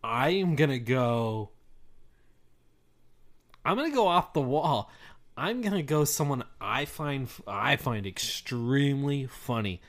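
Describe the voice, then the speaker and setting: A man's voice: medium pitch, expressive, slow, pauses often. Young man rambling in a casual podcast chat. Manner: rambling, restarts often, laughs easily. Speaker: podcast co-host.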